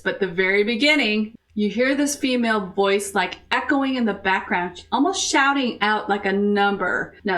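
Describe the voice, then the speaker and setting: A woman's voice: mid-range voice, a bit bright. Gushing American woman reacting to a video. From United States. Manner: gushing, chatty, quick asides and giggles. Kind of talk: casual reaction commentary. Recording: distant mic with faint music behind.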